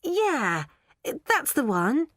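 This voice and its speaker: A woman's voice: high-pitched, expressive, unhurried, dry recording, studio quality, pitched above the performer's own voice. A woman voicing a plucky, scheming ten-year-old orphan girl with a bold, coaxing manner. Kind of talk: audiobook character voice.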